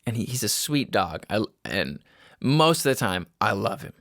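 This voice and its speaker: A man's voice: on the low side, sing-song, normal speed, creaky, a bit bright, dry recording, clean studio sound. A young man hosting a casual solo podcast, rambling and swearing, laughing at himself. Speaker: podcast host. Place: a home room.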